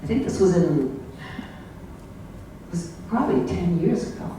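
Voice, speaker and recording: A man's voice: high-pitched, lively intonation, slow, mellow. An older man giving a casual slide presentation to a club, rambling and anecdotal with plenty of ums and asides. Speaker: club guest speaker. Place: club meeting room. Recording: very echoey room, voice far from mic, faint hiss.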